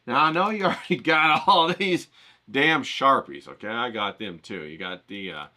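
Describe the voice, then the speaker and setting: Man, art vlog host; animated, bright delivery; loose, pumped, coaching tone with casual swearing. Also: mid-range voice, normal speed. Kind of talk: casual drawing tutorial to camera.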